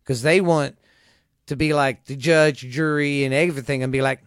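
A man's voice: mid-range voice, fairly even intonation, normal speed, clear, resonant tone, no room sound, clean studio sound. A man, ranting angrily about politics to his viewers, swearing often and mimicking people he disagrees with. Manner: profane, exasperated, mocking voices of others. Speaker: vlogger. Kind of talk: angry political rant to camera.

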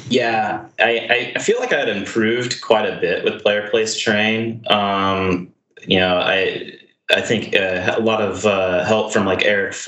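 A man with a slightly low voice talks through his games on a podcast. He hesitates often and restarts his sentences, poking fun at himself. The sound has a roomy echo. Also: unhurried, a bit bright. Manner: hesitant, full of ums and restarts, self-deprecating. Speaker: podcast guest, tournament player. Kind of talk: casual podcast chat.

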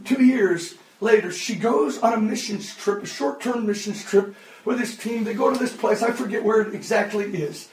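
A man in his fifties preaching a sermon, impassioned and often shouting. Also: high voice, normal speed. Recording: echoey hall, distant mic.

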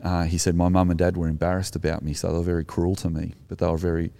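A man's voice: sits low, level tone, fast talker, gravelly, mellow. An Australian man, an Anglican minister co-hosting, telling a story in an earnest, reflective way. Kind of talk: conversational storytelling.

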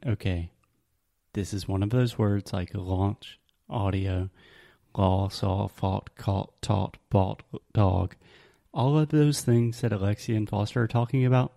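Southern man teaching pronunciation, gravelly. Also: lowish voice, dark tone. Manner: patient, explains slowly with examples. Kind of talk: casual teaching chat.

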